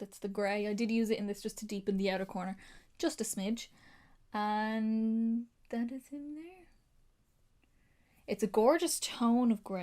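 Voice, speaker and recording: A woman's voice: mid-range voice, darkish tone. A young Irish woman talking casually through a makeup palette review, gushing and chatty with plenty of fillers. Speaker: beauty vlogger.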